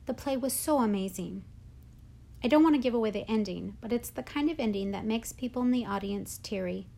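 Woman read-aloud host, clear, expressive novel narration. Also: fairly high pitch, fairly quick.

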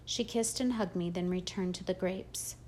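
A woman reading a first-person audiobook in a steady, plain storytelling manner. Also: on the low side, normal speed, a little hiss or hum. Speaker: audiobook narrator.

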